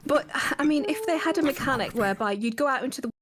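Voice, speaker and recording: A woman's voice: high voice, quick pace, noisy background. A woman co-hosting a casual gaming podcast, talking animatedly with many restarts. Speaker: podcast co-host.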